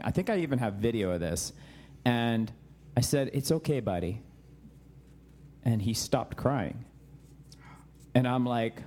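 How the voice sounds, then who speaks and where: Animated storytelling man. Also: mid-range voice, measured pace, long pauses. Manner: animated, storytelling, laughs often. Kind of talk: casual faith conversation.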